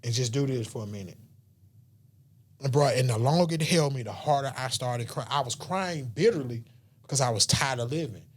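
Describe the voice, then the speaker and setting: A man's voice: medium pitch, fairly quick, slightly rough. A man who is a podcast guest telling a personal story in an earnest, emotional way, sometimes dropping to a near-whisper. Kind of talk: personal storytelling in a casual chat.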